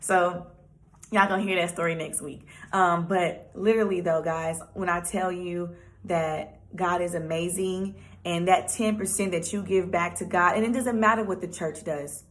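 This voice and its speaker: A young woman vlogger telling a personal testimony in a chatty, animated way, with lots of fillers. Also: fairly low pitch, normal speed.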